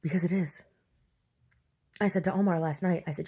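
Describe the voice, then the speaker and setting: A woman with a somewhat low voice tells a long, emphatic story straight to her viewers. She keeps checking in with "right?" and stumbles into restarts as she presses her point. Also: fairly even intonation, normal speed, pauses often, warm tone, husky. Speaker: vlogger. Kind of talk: casual storytelling rant.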